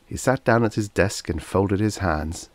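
A man reading a vintage science fiction story aloud as an audiobook narrator, in a measured storytelling manner. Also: lowish voice, no echo. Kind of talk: scripted narration.

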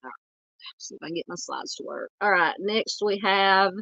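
A woman's voice: mid-range voice, normal speed, creaky, pushed and bright, no room sound, highs cut off. A woman with a Southern US accent hosting a true crime channel, chatting through missing-persons updates with lots of fillers and restarts.

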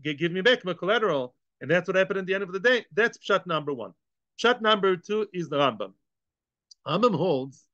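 High bright-voiced guy teaching talmud, tosses out rhetorical questions, dull dry lo-fi sound. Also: dry recording. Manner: animated, rhetorical questions, acts out both sides. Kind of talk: Talmud class lecture.

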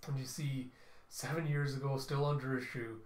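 A man gives an excited, casual retelling of a comic book, sometimes correcting himself as he goes. His voice sits at an average pitch. The room around him is noticeably echoey. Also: normal speed. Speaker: comic reviewer. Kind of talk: excited comic readthrough narration. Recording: roomy echo.

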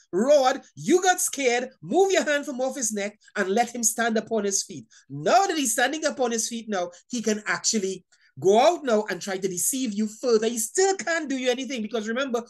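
Woman Bible teacher, higher voice, emphatic and repetitive sermon delivery, stammers on restarts.

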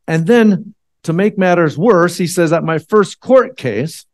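A man's voice: high-pitched, animated, a little slow, a little mellow, no echo, studio quality. Man preaching a conversational Bible sermon. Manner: conversational, with frequent fillers and restarts. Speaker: church elder.

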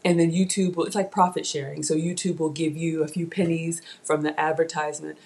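A woman's voice: deep voice, level tone, a little fast, a little mellow. A young woman from Ghana with a light Southern US accent, hosting a chatty live cooking stream and talking straight to her viewers through a tablet mic. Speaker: cooking channel host.

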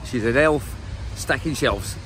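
A man's voice: medium pitch, a little slow, background noise. A Scottish man vlogging around shops with a phone camera, chatting jokily to his viewers. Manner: jokey, chatty, addresses viewers as folks. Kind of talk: casual vlog chat. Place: shops, indoors.

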